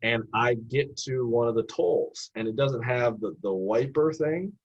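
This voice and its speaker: A man's voice: mid-range voice, unhurried, slightly rough. A young man, an assistant basketball coach, telling stories in a casual podcast interview and acting out the people he quotes. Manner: animated storyteller who acts out the people he quotes. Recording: dull lo-fi podcast audio.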